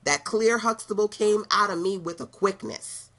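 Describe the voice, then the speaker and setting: A woman's voice: mid-range voice, fairly even intonation, normal speed, fairly bright tone. A middle-aged woman from Brooklyn giving a motivational monologue as an online business coach, emphatic and repetitive, with laughing asides. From Brooklyn, New York.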